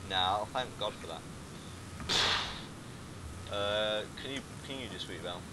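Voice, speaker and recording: A man casually commenting while playing a game, goofy and excitable, breaking into silly voices. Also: fairly low pitch, unhurried, very noisy. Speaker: let's play commentator. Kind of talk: casual gameplay chat.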